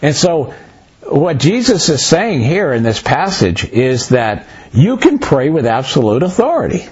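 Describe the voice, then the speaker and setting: Animated, husky-voiced man teaching a Bible study. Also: a little high, unhurried. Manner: animated storyteller, voices dialogue, loose restarts. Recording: muffled lo-fi recording.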